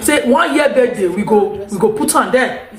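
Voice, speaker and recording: A woman's voice: fairly high pitch, animated, normal speed, heavy background noise. A Nigerian woman talking straight to her viewers, emphatic and rambling, repeating her points. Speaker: vlogger. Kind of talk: unscripted monologue to viewers. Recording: echoey room.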